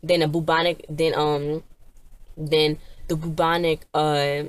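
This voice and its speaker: A woman's voice: low voice, takes it slowly, clean tone. A woman retelling a TV episode in a casual, rambling way, with many fillers and restarts. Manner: animated, acts out characters' lines. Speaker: TV episode reviewer.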